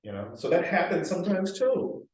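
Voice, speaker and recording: A male actor being interviewed, telling frank, animated stories and swearing freely. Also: high voice, normal speed. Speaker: actor guest. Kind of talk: candid interview storytelling. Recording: echoey room, mic far off.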